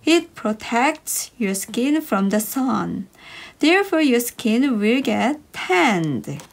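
A woman reading short English science stories for children in a slow, bouncy storybook manner. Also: on the high side, big pitch swings, vocal fry. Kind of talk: slow expressive read-aloud for kids.

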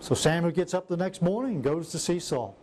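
High-voiced preacher guy, swoops up and down a lot, acting out bible stories, bit of hiss behind. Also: fairly quick. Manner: animated, acts out biblical quotes in varied voices. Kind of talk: sermon.

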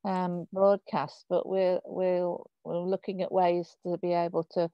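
A woman's voice: lowish voice, little pitch movement, a little slow, clear, resonant tone, dry recording. A woman from Birmingham with a Birmingham accent, hosting a conversation over a video call, chatty and hesitant with many ums and restarts. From Birmingham, England. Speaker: host. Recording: dull lo-fi video call audio.

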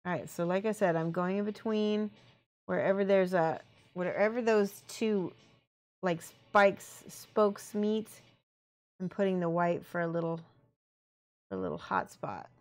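A woman's voice: fairly low pitch, expressive, a little slow, darkish tone. A woman chatting casually on a live stream as she paints miniatures, thinking aloud and reading out the chat.

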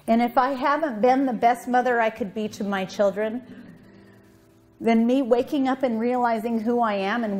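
A woman minister preaching warmly and emotionally at a Mother's Day service, calling on the congregation to respond. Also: medium pitch. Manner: emotional, heartfelt and affirming.

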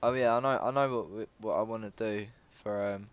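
A man's voice: fairly low pitch, fairly even intonation, fairly quick, dull audio. A young man, making crude jokes and chatting casually while gaming. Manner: joking, crude, laughs often. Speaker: gamer.

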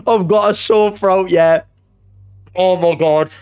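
Male streamer, young, hoarse throat, high voice, unhurried delivery, casual swearing. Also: steady tone, no room sound. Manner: panicky, yelling, repeating himself, swearing. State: sore throat. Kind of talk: live gaming stream commentary. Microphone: streaming mic.

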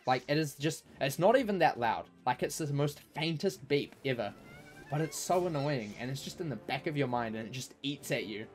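A man talking casually to his live stream audience, rambling through a story with plenty of fillers and false starts. His voice sits at a middle pitch, with soft music playing quietly behind him. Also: lively intonation, normal speed.

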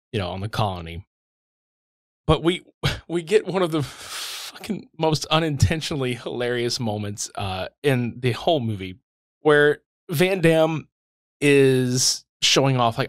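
A man's voice: medium pitch, sing-song, unhurried, dry recording, clean studio sound. A man hosting a film podcast, casually recapping the plot and swearing freely. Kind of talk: casual film-review chat.

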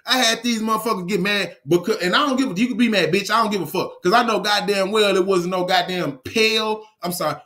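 A man with a notably high speaking voice delivers a heated monologue lecture. He talks profanely and confrontationally, hammering his points and breaking off mid-sentence to start over. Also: a bit bright. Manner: profane, emphatic, confrontational, frequent restarts. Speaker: online lecturer.

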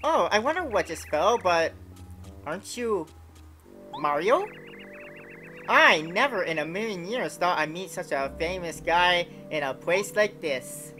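A woman's voice: fairly low pitch, animated, unhurried, a bit bright, soft background music. A woman hosting a let's play, giving casual gameplay commentary with playful, jokey asides.

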